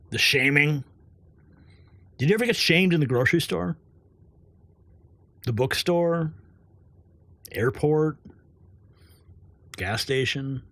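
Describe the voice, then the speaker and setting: Indignant, high-voiced male news host. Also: a bit bright, no echo. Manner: indignant, emphatic, sarcastic. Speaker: online news show host. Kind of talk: live commentary rant.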